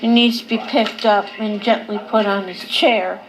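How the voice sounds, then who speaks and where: A woman's voice: mid-range voice, steady tone. A medicated woman in a loopy, drowsy state, filming herself casually in her living room at night. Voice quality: slow, drawn-out, slightly slurred talk. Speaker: vlogger. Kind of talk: casual home video. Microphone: handheld camera. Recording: noisy home camcorder.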